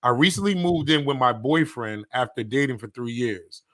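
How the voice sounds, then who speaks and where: Bright-voiced man, animated storyteller. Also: medium pitch, normal speed. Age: 30s. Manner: animated storytelling, acting out quotes. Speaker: podcast co-host. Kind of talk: casual chat.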